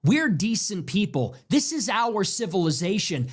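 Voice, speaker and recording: An American show host delivers a heated political monologue, impassioned and declamatory, hammering home repeated rhetorical questions. His high, fairly bright voice is very animated, though his pace stays unhurried.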